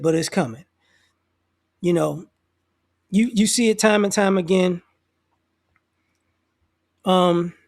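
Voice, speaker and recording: High-voiced man rambling social commentary. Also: darkish tone. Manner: rambling, loose, slangy, with many restarts; acts out other people's voices in quotes. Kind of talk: casual social commentary monologue.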